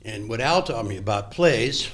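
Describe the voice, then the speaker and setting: A man's voice: on the low side, moderate pace. Older man telling stories. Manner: animated, acts out remembered dialogue, many restarts. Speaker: actor guest. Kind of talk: storytelling in a podcast interview.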